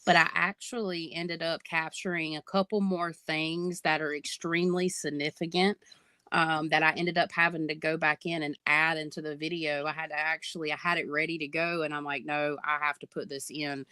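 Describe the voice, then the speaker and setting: A woman, co-hosting a casual livestream chat, chatty and quick to laugh. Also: low-pitched, little pitch movement, sharp tone, clear, resonant tone, no room sound. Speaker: co-host, paranormal investigator.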